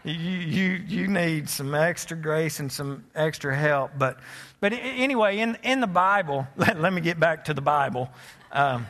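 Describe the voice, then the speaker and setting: High-voiced Southern preacher in a reverberant church. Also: male voice, fairly bright tone. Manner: folksy, joking asides, repeated restarts. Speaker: pastor. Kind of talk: sermon. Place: church sanctuary.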